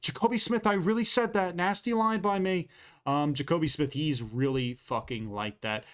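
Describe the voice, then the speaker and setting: A man's voice: on the high side, smooth. A man giving a casual, off-the-cuff fight recap, blunt and opinionated, swearing freely. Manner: quick, off-the-cuff delivery with fillers. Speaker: MMA commentator and YouTuber.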